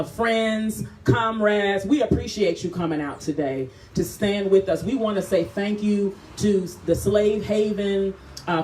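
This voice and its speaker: A woman's voice: medium pitch, darkish tone. A woman hosting a press conference outdoors, thanking partners and addressing groups one by one. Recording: echoey distant mic with faint noise.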